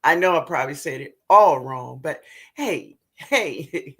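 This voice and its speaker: Slow, lively New woman hosting. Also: deep voice, slightly rough. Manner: chatty, laughs often, greets viewers by name. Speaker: live stream host. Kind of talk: casual live stream chat.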